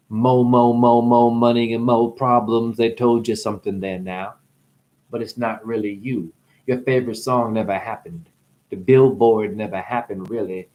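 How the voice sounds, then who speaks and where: In a medium-pitched voice with a darkish tone, a self-proclaimed spiritual teacher rambles on. He jumps between ideas via wordplay, curses frequently and dissolves into laughter.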